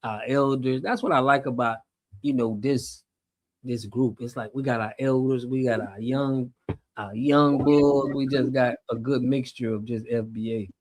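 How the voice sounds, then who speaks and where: A man hosting a casual livestream chat on a video call, relaxed and full of slang. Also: mid-range voice, moderate pace. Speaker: host.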